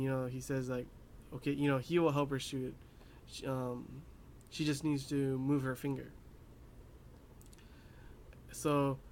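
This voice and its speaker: A young man casually recapping an anime episode, rambling with lots of fillers and laughing at his own asides. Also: on the high side. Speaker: anime reviewer.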